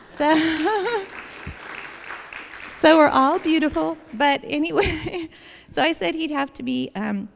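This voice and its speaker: A woman's voice: high voice, animated, slow, gravelly, pauses often, some chatter behind, slight background noise. A woman giving a personal faith testimony to an audience, telling her story in an earnest, rambling way in a large hall. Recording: long hall reverb.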